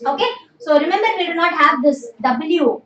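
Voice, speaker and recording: High-voiced woman teaching, echoey room. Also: lively intonation, normal speed, fairly bright tone, lo-fi sound. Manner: patient, repeats "okay" constantly, drills students. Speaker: Japanese language teacher. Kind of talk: live online class. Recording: echoey room, distant mic, faint noise.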